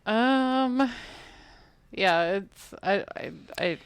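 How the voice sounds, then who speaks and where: A woman's voice: a little high, lively intonation, extremely slow, clean tone, dry recording. A woman co-hosting a casual podcast, teasing and laughing easily. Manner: laughs often, playful teasing. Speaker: podcast co-host. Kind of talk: casual chat.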